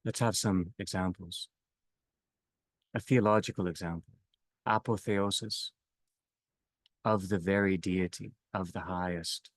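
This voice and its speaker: Deep-voiced man giving a slow theological talk. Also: dry recording. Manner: slow, halting, trailing off softly at phrase ends. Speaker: discussion leader.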